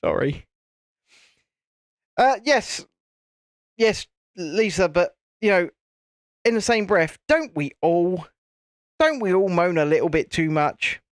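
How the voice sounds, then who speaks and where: A man's voice: high-pitched, very animated, slow, pauses often, no echo, studio quality. A man hosting a live stream, chatting casually and rambling while he builds a set, with the odd casual swear. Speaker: channel host.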